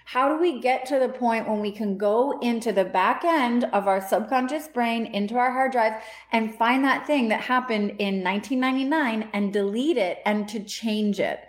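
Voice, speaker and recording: A woman's voice: on the high side, roomy sound. A woman in her thirties giving a casual, emphatic motivational talk as a self-help coach, acting out inner voices as she goes.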